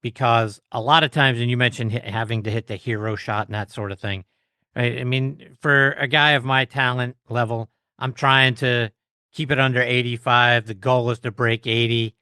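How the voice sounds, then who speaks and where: A man's voice: mid-range voice, steady tone, moderate pace, bright, forceful tone, smooth, no echo, studio quality. A man hosting an interview, talking casually and self-deprecatingly with frequent restarts. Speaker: host.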